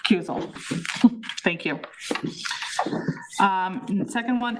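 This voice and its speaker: A woman chairing a town planning board meeting, reading resolutions aloud with brisk, informal asides. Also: medium pitch. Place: town hall meeting room. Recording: noisy town-hall meeting audio.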